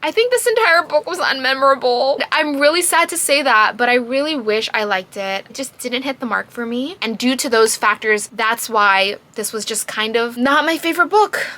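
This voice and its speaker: A woman giving a casual book review to camera, emphatic and quick to laugh. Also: on the high side, animated, pushed and bright.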